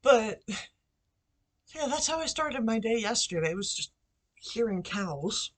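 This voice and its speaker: A woman's voice: a little high, very animated, takes it slowly. A woman vlogging from her bedroom into a computer microphone, telling a story casually with lots of fillers and side remarks. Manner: rambling, chatty, with asides and fillers. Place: bedroom at home.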